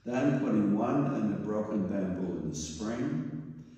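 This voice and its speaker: A priest preaching in a slow, reverent way, with a very deep voice that unfolds at an unhurried pace. A heavy echo fills the large church. He is picked up from well away from the microphone. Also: lively intonation, dark tone, lo-fi sound. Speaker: Catholic priest. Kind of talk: sermon and storytelling. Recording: echoey church hall from far off.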